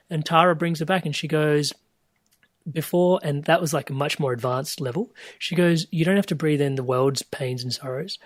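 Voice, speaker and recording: Soft-spoken man musing over a video call. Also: on the high side, no echo. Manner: searching, restarts often, soft trailing phrases. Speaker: guest. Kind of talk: reflective conversational storytelling.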